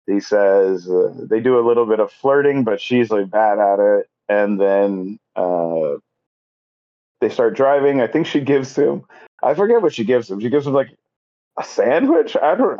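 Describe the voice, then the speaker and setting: A man's voice: fairly low pitch, moderate pace, mellow, highs cut off. A man on a podcast casually recapping a movie plot, rambling with lots of fillers and acting out the characters' lines. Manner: rambling, filler-heavy retelling with acted-out quotes. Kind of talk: casual chat.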